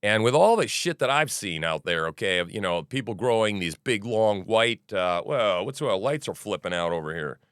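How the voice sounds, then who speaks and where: A man's voice: fairly low pitch, expressive, moderate pace, hardly any pauses, a bit bright, smooth, no echo, clean studio sound. A middle-aged man hosting a podcast, rambling through news commentary with profanity, restarts and asides. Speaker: podcast host.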